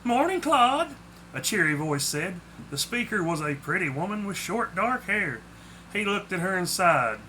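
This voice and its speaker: A man's voice: high-pitched, lively intonation, moderate pace, pushed and bright, a little hiss or hum, low-quality recording. A man reading aloud his own short story, with small slips. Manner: plainly spoken with small slips. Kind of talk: storybook narration.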